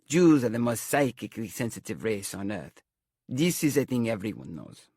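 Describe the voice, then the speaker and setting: A man voicing a theatrical middle-aged female carnival fortune-teller who puts on a grand mock old-world accent and pauses for drama. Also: mid-range voice, sing-song, no room sound, clean studio sound. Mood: portentous.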